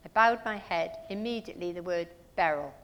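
A woman's voice: lowish voice, a little fast, fairly bright tone, in a large hall. A woman preaching a sermon in a church, telling stories earnestly and asking her listeners rhetorical questions.

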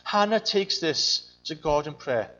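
High-voiced earnest male preacher. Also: animated, unhurried, a bit bright, highs cut off. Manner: earnest, repeats phrases, mimics voices in quotes. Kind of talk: sermon.

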